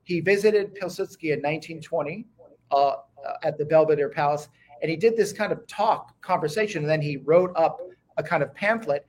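A man's voice: on the high side, normal speed. A man speaking as a guest historian in an interview, eager and talking in bursts with many restarts. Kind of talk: conversational interview.

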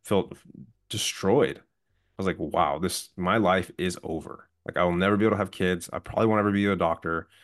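Low-voiced man telling his story. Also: a little fast. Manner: calm, earnest, candid with profanity. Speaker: podcast guest. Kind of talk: personal storytelling.

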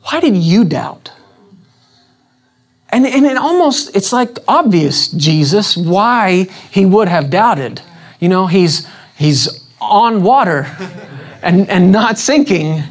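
A man's voice: high voice, very animated, slow. Conversational preacher questioning his congregation. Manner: acts out scripture quotes with varied emphasis. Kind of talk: evening church sermon. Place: church service before a congregation.

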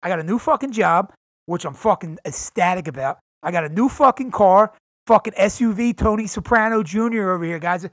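A man's voice: high voice, lively intonation, brisk, no room sound, clean studio sound. Hyped, cursing man hosting a podcast. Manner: profane, hyped, keeps calling listeners "guys". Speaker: podcast host. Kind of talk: casual solo podcast monologue. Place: home in San Diego.

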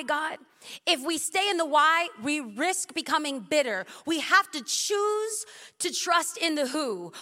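A woman preaching to a congregation, her high, ringing voice bright and sharp. She delivers the sermon in an animated, punchy way with quick humor. Her words trail off into the long reverb of a big church hall.

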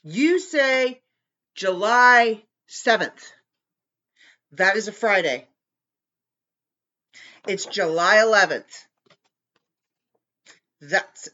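A woman hosts her podcast in loose, casual chat, her bright voice swinging up and down in pitch as she talks at an unhurried pace. She bickers playfully with someone off-mic, all through a dull, lo-fi home mic. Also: expressive. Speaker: podcast host.

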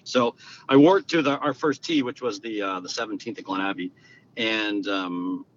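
A man, a guest telling stories in an animated, conversational way and acting out the quoted lines. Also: moderate pace. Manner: animated, acts out quoted dialogue. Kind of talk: conversational storytelling. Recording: dull lo-fi sound with faint rumble.

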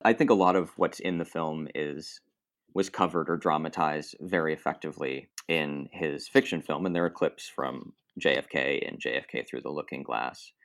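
Male critic guest, very deep voice, casual rambling analysis. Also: fairly even intonation, normal speed, gravelly, a bit bright. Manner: thoughtful, rambling with restarts and asides. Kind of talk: conversational film criticism.

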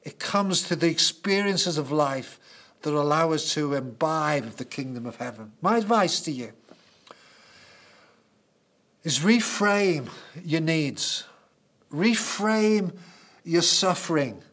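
A man's voice: a little high, animated, normal speed, pushed and bright. A man preaching a sermon, telling stories earnestly and with emphasis.

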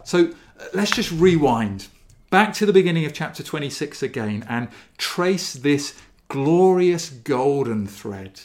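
A man preaching a sermon, reading scripture passages in a measured, earnest way. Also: a little high, darkish tone. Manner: slow, measured and earnest, lingering on key phrases.

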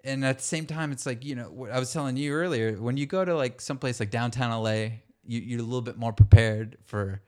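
A young adult man co-hosting a podcast, telling a story in a relaxed, casual way, laughing often and swearing freely. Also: mid-range voice, fairly quick, few pauses. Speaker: podcast co-host. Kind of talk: casual chat.

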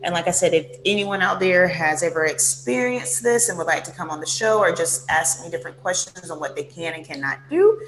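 A woman's voice: on the low side, a little fast, hardly any pauses, a little hiss or hum. Chatty woman co-host, roomy sound. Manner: chatty, relaxed, many fillers. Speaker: podcast co-host. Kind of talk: casual podcast chat.

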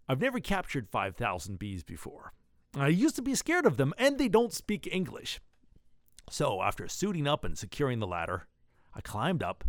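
A male host reads his scripted newsletter with a lively, playful delivery and swooping pitch. The recording is dry and close, with no room sound. He sounds relaxed and at ease with the script. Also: no room sound. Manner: animated, playful.

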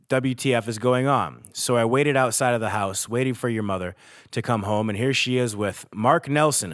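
A man's voice: mid-range voice, dry recording, studio quality. Man earnestly reading a letter aloud. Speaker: podcast host.

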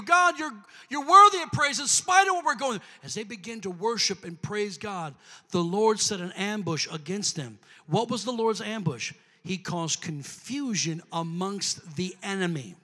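Long hall reverb surrounds a pastor preaching in a church sanctuary. His voice is high-pitched with a fairly bright tone. The sermon rises into fervent call-and-response with the congregation.

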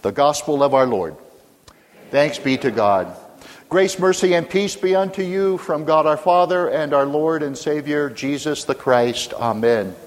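An older man, a pastor, preaching a sermon with humorous storytelling and questions to the congregation. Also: fairly high pitch. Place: church sanctuary. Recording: reverberant church hall.

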